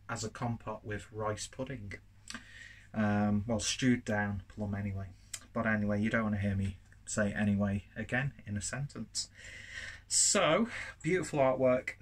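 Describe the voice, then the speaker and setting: A man from northern England who speaks with a well-spoken southern English accent reviews a beer at home while cooking. His voice is lowish and slightly rough, and his casual review vlog is chatty, rambling and self-deprecating.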